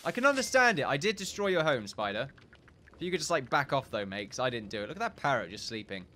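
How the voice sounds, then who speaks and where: Lively, bright-voiced young man gaming. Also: mid-range voice, fast. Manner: chatty, joking, swears and laughs while playing. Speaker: gaming YouTuber. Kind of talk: casual let's-play commentary.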